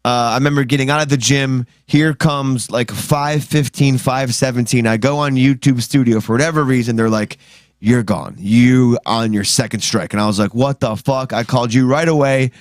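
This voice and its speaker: A man co-hosting a podcast, joking and swearing in energetic, casual banter. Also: medium pitch, moderate pace, no echo, clean studio sound. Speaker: podcast co-host.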